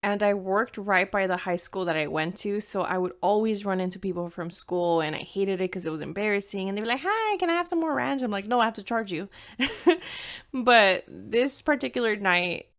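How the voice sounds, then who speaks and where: Young adult woman, podcast host, candid casual storyteller, mid-pitched voice, drops Spanish phrases. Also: moderate pace. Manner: candid, chatty, swears freely, mixes in Spanish phrases.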